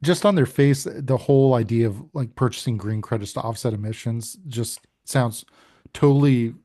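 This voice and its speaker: A man's voice: medium pitch, moderate pace, dark tone. A man co-hosting a podcast in a casual chat, easygoing and agreeing often. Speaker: podcast co-host.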